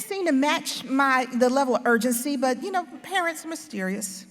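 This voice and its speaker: Animated woman telling a story on stage. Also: high-pitched, normal speed, hardly any pauses, slight background noise. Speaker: author giving a festival speech. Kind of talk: personal storytelling speech. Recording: long hall reverb.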